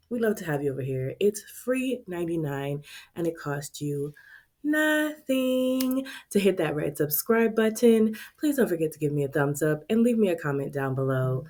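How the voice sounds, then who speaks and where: A woman hosting a budgeting vlog chats with her viewers about her budget, calling them "y'all." Her low voice is expressive and friendly, delivered at normal speed close to the mic.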